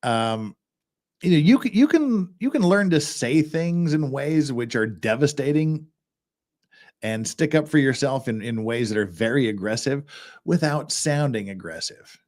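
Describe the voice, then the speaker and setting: A man's voice: mid-range voice, animated, a little slow, a little mellow. A man hosting a legal commentary show, talking casually in a rambling way with restarts and chuckles. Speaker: host of a legal commentary channel.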